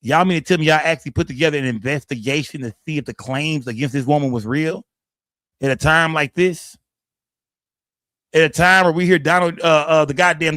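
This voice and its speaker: A man's voice: fairly high pitch, fairly bright tone, no room sound, clean studio sound. A man hosting a casual livestream, greeting chat names one by one and talking heatedly in slangy speech. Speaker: livestream host.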